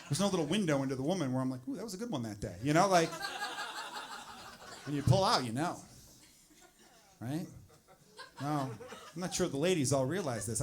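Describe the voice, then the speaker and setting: A man performing a stand-up comedy set on stage, animated and swinging into loud exasperated bits. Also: a little high. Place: comedy club stage with audience laughter. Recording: noisy live club recording.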